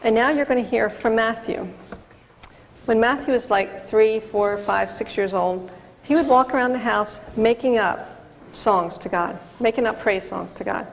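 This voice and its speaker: A woman's voice: on the high side, measured pace, vocal fry, a little hiss or hum. A middle-aged woman giving an earnest personal testimony to an audience, talking straight to them and asking them questions. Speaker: speaker on drunk-driving prevention. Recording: long reverb from a large hall.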